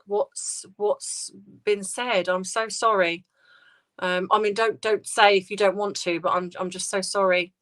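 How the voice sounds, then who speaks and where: Soft-spoken woman on a casual livestream. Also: mid-range voice. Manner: soft, hesitant, many restarts and fillers; sympathetic, tender replies to viewers. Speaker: livestream host reading viewer comments.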